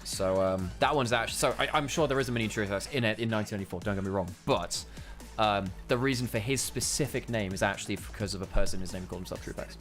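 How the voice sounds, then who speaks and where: A Welsh man who commentates esports chats casually during a stream break, poking fun at himself as he rambles with plenty of fillers. His voice is fairly low, fast, and a bit bright, with soft music behind it.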